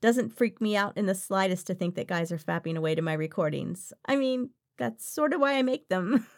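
A woman's voice: mid-range voice, expressive, brisk. A woman voice actress answering interview questions in a frank, playful way, often laughing.

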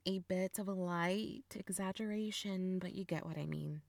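A woman's voice: fairly low pitch, moderate pace, gravelly, no echo, clean studio sound. A woman playing a teasing, crude big sister. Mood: playful. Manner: teasing, blunt, swears freely, laughs often. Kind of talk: audio role-play.

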